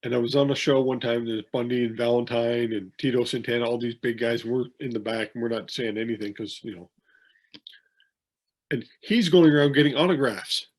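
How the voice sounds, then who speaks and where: Husky man telling rambling stories. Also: mid-range voice, brisk. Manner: rambling anecdotes with many restarts and fillers. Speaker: podcast co-host, wrestling promoter. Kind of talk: casual podcast chat, storytelling.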